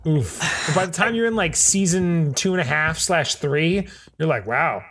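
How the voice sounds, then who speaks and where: A man hosting a podcast in casual chat, talking in quick, excited bursts. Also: fairly high pitch, slight background noise. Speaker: podcast host.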